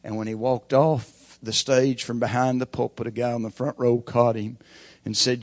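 A middle-aged preacher giving a sermon with folksy, emphatic storytelling. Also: male voice, mid-range voice, level tone, normal speed, dry recording.

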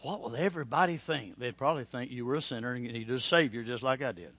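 Preacher guy, middle-aged, bright sharp voice, dry close sound, goes soft then loud. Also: mid-range voice, quick pace, no room sound. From Oklahoma. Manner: swings from hushed pleading to loud storytelling. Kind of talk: sermon with altar call and personal story.

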